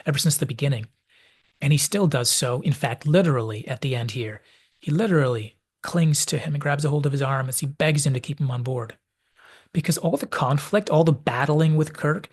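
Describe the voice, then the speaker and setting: A man's voice: medium pitch, husky. A man hosting a video essay, reflectively analyzing a classic TV episode and thinking aloud as he goes.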